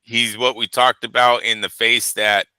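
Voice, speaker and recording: A man's voice: mid-range voice, little pitch movement, unhurried, bright, forceful tone, clear, resonant tone, no room sound, rough recording. A man co-hosting a boxing talk show, chatting casually in an emphatic, teasing and opinionated way. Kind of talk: casual chat.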